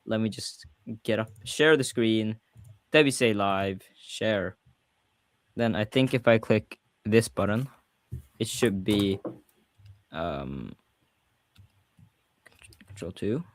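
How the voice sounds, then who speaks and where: A man's voice: fairly low pitch, expressive, takes it slowly, pauses often, dry recording. A man with a Swedish accent hosting a casual livestream chat, talking freely and often correcting himself mid-sentence. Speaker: podcast host.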